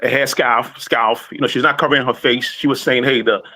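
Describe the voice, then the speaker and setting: A man's voice: mid-range voice, fairly even intonation, a little fast, pushed and bright, low-quality recording. A man in his forties, a panelist in a heated live debate, combative and scolding, talking over others. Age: 40s. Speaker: call-in panelist.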